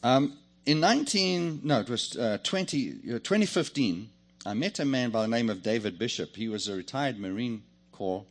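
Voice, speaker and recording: Lively joking preacher man. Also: medium pitch, moderate pace. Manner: lively, joking, calls on the congregation. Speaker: pastor. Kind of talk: sermon.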